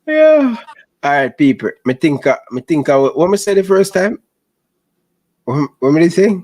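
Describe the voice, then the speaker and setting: A man's voice: on the high side, normal speed, a little mellow, no echo. Laughing Jamaican man hosting a stream. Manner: laughing, teasing patois banter. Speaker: show host. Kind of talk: casual live-stream chat.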